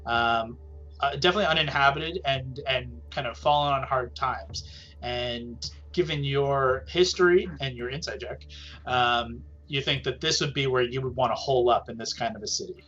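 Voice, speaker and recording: A man narrating a tabletop game as game master, rambling and filling pauses with ums and uhs. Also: mid-range voice, fairly bright tone, muffled recording.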